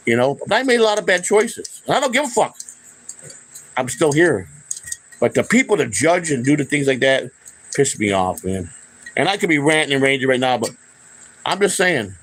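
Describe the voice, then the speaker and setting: Man, middle-aged, from Chicago, channel host, unscripted storytelling, rambling, heavy cursing, many restarts, ordinary pitch. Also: slightly rough, rough recording. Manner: rambling, profane, with frequent restarts.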